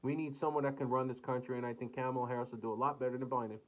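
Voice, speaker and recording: A man's voice: medium pitch, little pitch movement, racing. An American man delivering an angry, profanity-filled rant to camera, cursing and repeating himself. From United States. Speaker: vlogger. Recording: tinny phone-like audio.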